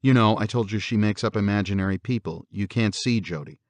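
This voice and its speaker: A man voicing a worried, gentle wife and mother in an audiobook, speaking softly and reassuringly. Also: fairly low pitch, a little fast, no room sound, lightly acted. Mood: patient. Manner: soft, reassuring.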